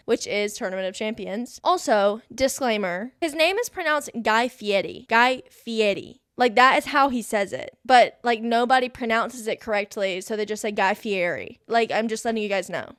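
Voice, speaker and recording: A woman's voice: medium pitch, clear, resonant tone, dry recording, studio quality. A young woman hosting a casual solo podcast, bubbly and gushing, peppering her talk with "y'all" and "like.". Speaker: podcast host.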